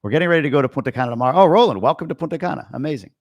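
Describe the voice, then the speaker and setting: Reading out viewer questions on a casual live-stream, this Long Island, New York native gives blunt, opinionated answers. He talks in rapid-fire fashion, his voice a little high. The recording is dry but muffled.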